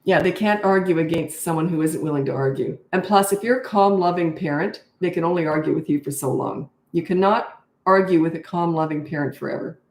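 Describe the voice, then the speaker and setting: An older woman with a darkish tone coaches parents in a live Q&A, speaking briskly with few pauses. Her advice is direct and matter-of-fact, and she acts out kids in high voices, all in an echoey room.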